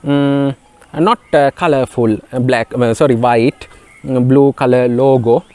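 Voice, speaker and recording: Slow, halting Sri Lankan man teaching. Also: mid-range voice, fairly even intonation, darkish tone, smooth. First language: Sinhala. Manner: halting, many fillers and repeats. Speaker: English teacher. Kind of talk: beginner spoken English lesson.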